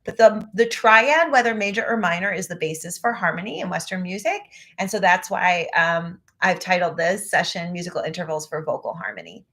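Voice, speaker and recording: A woman vocal coach teaching a live online ear-training lesson. She has a phlegmy throat that she clears often, and she breaks into short sung demo phrases. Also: on the low side, animated, a little fast, hardly any pauses, a bit bright.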